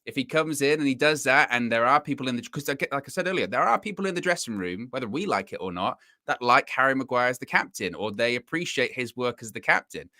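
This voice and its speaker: Man, bright tone, podcast host, thoughtful, hedging. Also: mid-range voice, animated, fast, few pauses. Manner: thoughtful, hedging, many fillers. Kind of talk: casual football podcast chat.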